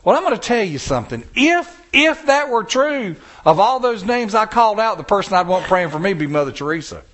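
Emphatic high-voiced male preacher. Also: sing-song, fairly bright tone. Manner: emphatic, drawn-out stresses, storytelling. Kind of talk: sermon.

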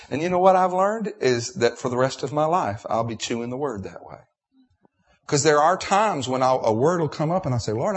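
A man's voice: medium pitch, slightly rough. A middle-aged man preaching a sermon, emotional and repetitive, with restarts.

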